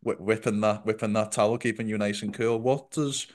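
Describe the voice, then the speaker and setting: A man's voice: lowish voice, fairly even intonation, brisk. A man hosting an interview, friendly and attentive, asking long questions and murmuring agreement. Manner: friendly, attentive, many short murmured acknowledgements. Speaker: interview host.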